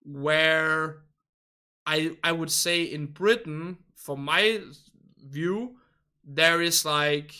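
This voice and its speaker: A man's voice: on the high side, very slow, bright, forceful tone, clean tone. A young man from Denmark, chatting casually with viewers as a livestreamer in a rambling, hesitant, politely hedging way. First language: Danish. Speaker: game livestreamer.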